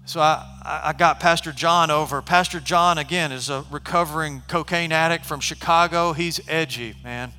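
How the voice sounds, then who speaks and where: Man, pastor type, bright forceful voice, long hall reverb, storytelling sermon. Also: fairly high pitch, normal speed. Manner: animated, shifts from conversational to shouting.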